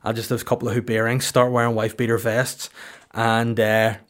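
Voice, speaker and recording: A man's voice: mid-range voice, flat delivery, fairly quick, a bit bright. A young man, hosting a comedy podcast in a rambling, crude monologue and slipping into silly put-on voices. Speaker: podcast host.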